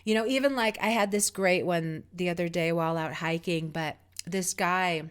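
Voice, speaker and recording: A woman's voice: fairly low pitch, moderate pace, clear, resonant tone. Reflective woman giving spiritual advice. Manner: reflective, meandering, conversational. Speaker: spiritual guide. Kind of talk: casual spiritual advice talk.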